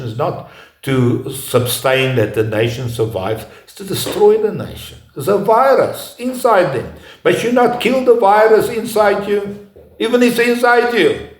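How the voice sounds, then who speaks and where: A man giving an unscripted lecture, talking haltingly with frequent pauses and restarts. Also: on the high side, expressive. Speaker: speaker giving a talk. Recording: echoey room.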